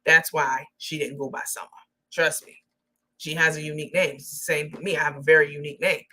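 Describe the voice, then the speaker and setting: Sassy profane gossip host, bright sharp voice, mocking delivery. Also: female voice, sits low, steady tone, a little fast. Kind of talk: casual gossip commentary.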